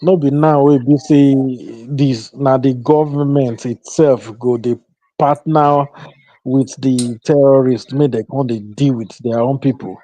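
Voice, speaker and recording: A man with a Nigerian accent, telling a story in casual chat, in a relaxed way with soft laughs. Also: medium pitch, a little slow, low-quality recording.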